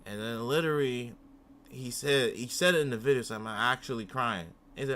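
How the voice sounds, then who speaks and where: A man's voice: mid-range voice, brisk, fairly bright tone, a little hiss or hum. A young man hosting a reaction channel, talking casually in a rambling way, often repeating himself and swearing.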